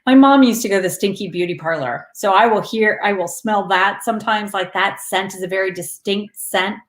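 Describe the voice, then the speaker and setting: A woman's voice: mid-range voice, brisk, echoey room. A woman hosting a spiritual live stream, chatting with viewers in an earnest, rambling way and laughing often.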